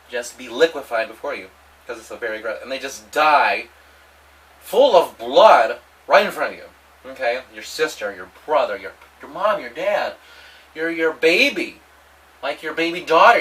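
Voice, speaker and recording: A man delivering a rambling, provocative monologue, halting often and restarting his sentences. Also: medium pitch, fairly bright tone, far from the mic, low-quality recording. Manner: halting, with many restarts and repetitions. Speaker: vlogger.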